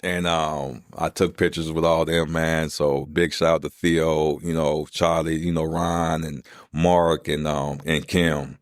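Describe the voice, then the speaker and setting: A man's voice: rumbling low, little pitch movement, measured pace, hardly any pauses, no room sound, studio quality. A middle-aged man hosting a podcast, telling his life story in casual streetwise slang and acting out the voices of the people he quotes.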